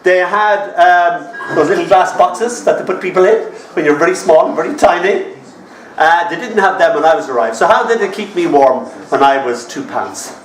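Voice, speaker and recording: A man's voice: high voice, moderate pace, slight background noise. A man in his fifties with an Irish accent, telling comic stories and teasing his audience in a wry, chatty way. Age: 50s. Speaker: storyteller. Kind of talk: live comic storytelling. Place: bar. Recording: roomy sound from a distant mic.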